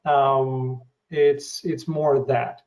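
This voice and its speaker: A man's voice: mid-range voice, flat delivery, very slow, darkish tone, distant mic, rough recording. A man hosting an interview with a non-American accent, speaking hesitantly with many fillers. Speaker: podcast host, aspiring actor. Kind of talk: casual interview chat.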